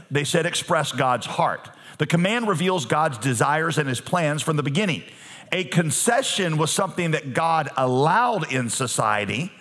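A middle-aged man preaching a sermon as pastor, animated and humorous, acting out voices from the text. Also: a little high, husky.

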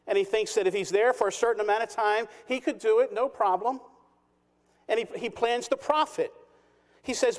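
Man, pastor, sermon, high voice, emphatic measured delivery, long church reverb. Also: a little mellow. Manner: emphatic, measured preaching with dramatic pauses. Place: church sanctuary.

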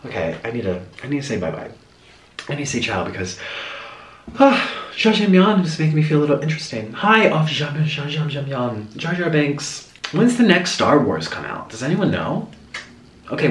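A young man vlogging a mukbang, telling rambling stories in a chatty, animated way while he eats. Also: medium pitch, normal speed, recorded from a distance, a little hiss or hum. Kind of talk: casual storytelling while eating. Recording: roomy echo, a bit off-mic.

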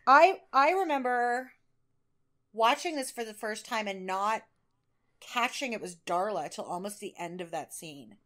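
A woman with a somewhat high voice co-hosts a podcast. She chats eagerly and loosely, stacking fillers and restarting her sentences. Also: expressive, measured pace, a bit bright. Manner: chatty, enthusiastic, many fillers and restarts. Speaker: podcast co-host. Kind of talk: casual chat.

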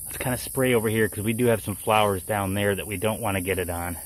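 A man chatting his way through a gardening demonstration outdoors. He explains each step in a relaxed, conversational way, often checking in with the listener. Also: on the low side, quick pace. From Florida. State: muffled by a face mask. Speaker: gardening vlogger. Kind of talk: casual how-to vlog.

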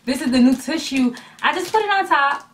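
A woman vlogger talks straight to her camera, animated and blunt, swearing for emphasis and rambling as she loses her place. Her voice sits on the high side. She sounds a little distant from the mic. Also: brisk, slight background noise. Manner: rambling and chatty, losing her train of thought. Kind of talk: casual talk to camera.

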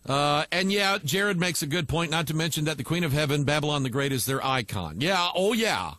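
A man's voice: fairly high pitch, animated, fairly quick, sharp tone, slight background noise. A male pastor teaching online, reading viewer messages aloud and answering them bluntly and with emphasis.

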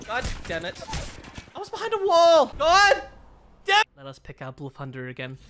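A woman giving excitable gameplay commentary, swearing often and boasting playfully at her enemies. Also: medium pitch. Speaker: gaming video creator.

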